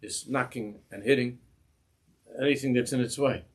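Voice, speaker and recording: A man who is a rabbi giving a Torah class in a synagogue, speaking passion, often repeating and restarting words and slowing down on quoted phrases. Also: medium pitch, breathy edge.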